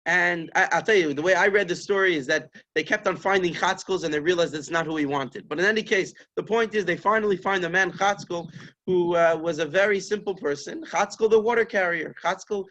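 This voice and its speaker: Male rabbi, storytelling sermon; high-pitched, lively, acts out the characters. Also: fairly quick, muffled recording. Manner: animated storyteller, voices the story's figures, Yiddish-flavored phrasing.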